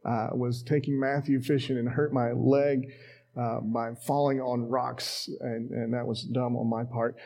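A man's voice: medium pitch, little pitch movement, measured pace, creaky, darkish tone. A man preaching a casual, conversational sermon in a church, with self-deprecating asides and acted-out quotes. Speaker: pastor.

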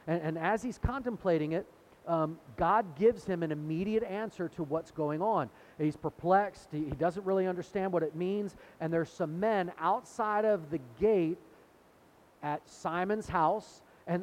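Conversational preacher, a man's mid-high voice. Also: normal speed, darkish tone. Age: middle-aged. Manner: conversational, retells scripture with acted-out quotes. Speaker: pastor. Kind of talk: sermon.

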